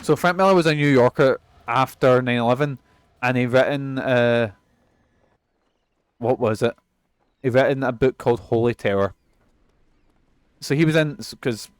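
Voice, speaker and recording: Male streamer, young, chatty and sweary, mid-pitched voice, loose rambling gameplay commentary. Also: clear, resonant tone, dry recording. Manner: rambling and sweary, laughs often.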